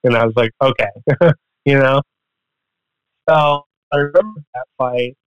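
A man's voice: mid-range voice, unhurried, clear, resonant tone, dry recording, soft background music. A man guesting on a podcast, telling a story casually in a rambling, profane way and acting out the quotes. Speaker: podcast guest, MMA fighter. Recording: dull, dry podcast audio.

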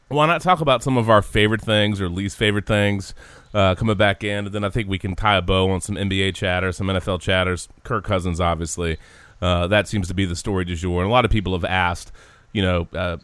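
A man's voice: lowish voice, a bit bright, clear, resonant tone, no room sound. A man hosting a casual sports podcast, laughing often and calling his cohost dude and man.

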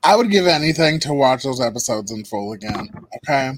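A man's voice: mid-range voice, very animated, brisk, slight background noise. A man hosting a casual podcast, chatting loosely and swearing freely while reacting to old clips. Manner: loose, profane, laughing commentary. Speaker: podcast host. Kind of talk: casual chat.

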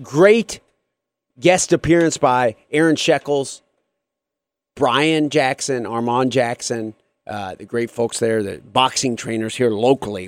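A man hosting a sports talk radio show, energetic and upbeat at a studio microphone. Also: medium pitch, no room sound.

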